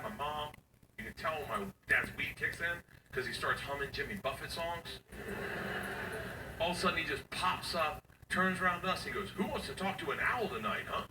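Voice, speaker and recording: A man in his forties telling a stand-up comedy story, loud and animated, acting out other people's voices and owl hoots. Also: a little high. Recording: echoey room recorded from far off, audience noise.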